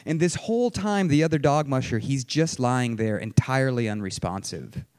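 A young man telling a dramatic personal story, vivid and excited, acting out shouted quotes. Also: medium pitch, moderate pace, clean tone, no room sound. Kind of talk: personal story told to an audience.

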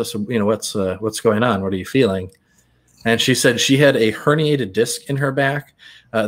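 A man co-hosting a podcast, telling a personal story in a loose, reflective way with plenty of fillers. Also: fairly low pitch. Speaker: podcast co-host. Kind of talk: casual chat.

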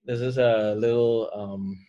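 A man's voice: on the low side, steady tone, a little slow, warm tone, muffled recording. A man co-hosting a podcast in casual chat, rambling through jokey scenarios and swearing freely. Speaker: podcast co-host.

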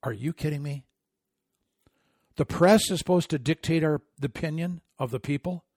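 A middle-aged man giving opinionated political commentary, sarcastic and indignant, often rising into loud outrage. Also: a little high, moderate pace, no room sound, clean studio sound. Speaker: commentary host.

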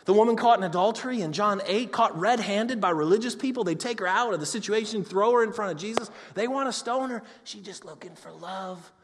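A man preaching a sermon in a conversational way, moving between loud excitement and hushed, intimate talk. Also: sits high, fast talker, few pauses. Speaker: pastor. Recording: long hall reverb.

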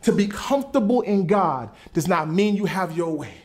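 A man's voice: sits high, normal speed. A man preaching a sermon in a conversational way, asking his listeners questions and telling them to write things down. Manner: animated, conversational, asks the audience questions. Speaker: pastor.

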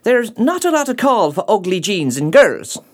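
An actress playing a fertility doctor with a salesy, stammering manner, selling designer babies. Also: female voice, mid-range voice, very animated, normal speed.

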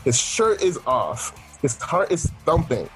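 A young man tells a comedic story in loose, casual talk, full of fillers and laughs. His voice sits a bit on the high side. Faint music plays underneath. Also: big pitch swings, slow pace, fairly bright tone. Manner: rambling with many fillers and laughs. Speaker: storyteller pitching a film idea.

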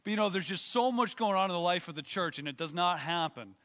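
A man's voice: sits high, lively intonation, quick pace, sharp tone, in a large hall. A man preaching a sermon as pastor, slightly out of breath, emphatic and rising as he reads scripture aloud in a church. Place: church sanctuary.

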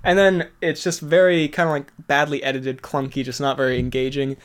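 Reviewing TV shows on his podcast, a young host chats casually in a medium-pitched, level voice that's brisk, clear, and resonant. He tends to ramble, swears a lot, and cracks himself up with his own jokes.

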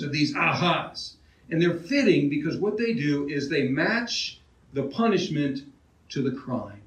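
A man preaching an expository sermon in a conversational way, often restarting phrases and asking his listeners questions. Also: on the high side. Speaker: pastor. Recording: roomy, heard from a distance.

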